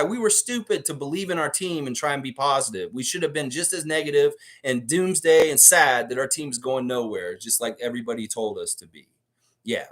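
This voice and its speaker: A man's voice: medium pitch, fairly bright tone. A man from the Baltics hosting a sports livestream, amped up and profane as he rants and reads out chat comments. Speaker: livestream host.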